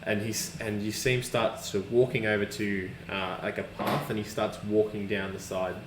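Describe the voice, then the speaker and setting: A man runs a tabletop game in a low voice, rambling and circling back over his own words. The recording is echoey and has a clear hiss behind it. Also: flat delivery, moderate pace. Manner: rambling, with many restarts and fillers. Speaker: game master. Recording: echoey room with background hiss.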